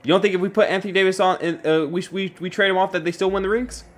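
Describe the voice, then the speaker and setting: A man's voice: high-pitched, steady tone, very fast. A man hosting a casual sports podcast, asking the questions, laughing often and stumbling over repeated words.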